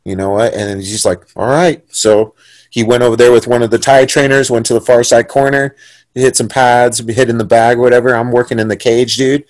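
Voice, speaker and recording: A young man from San Diego tells a fight story on a podcast, swearing freely and acting out other people's voices. His voice sits at an ordinary middle pitch. The sound is dry and close. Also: a little fast, dry recording. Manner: animated, profane, acts out quoted voices. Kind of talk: casual storytelling.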